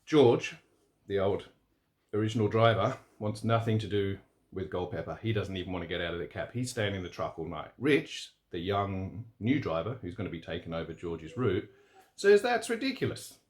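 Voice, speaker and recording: A man reading his own horror story aloud, steady and relaxed, with a few fillers. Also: deep voice, normal speed. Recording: roomy echo.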